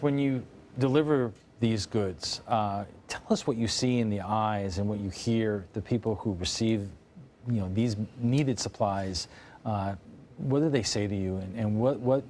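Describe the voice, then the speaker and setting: A man's voice: lowish voice, moderate pace, a little mellow, slight background noise. A man hosting a local TV roundtable discussion and asking the guests long questions. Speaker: TV roundtable host. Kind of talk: broadcast panel discussion.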